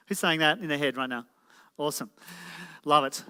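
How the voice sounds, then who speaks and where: Fairly high in pitch and delivered at a moderate pace, his voice is bright, forceful and clean. The man is a motivational speaker addressing a crowd in an event hall, throwing out rhetorical questions as the hall echoes around him.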